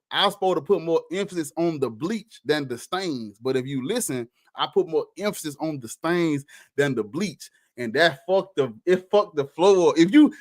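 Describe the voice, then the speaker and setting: High-voiced male rapper, blunt and profane, breaks down his own verse over a faint beat in a dry room. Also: no echo. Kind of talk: casual commentary over his music. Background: faint hip hop beat.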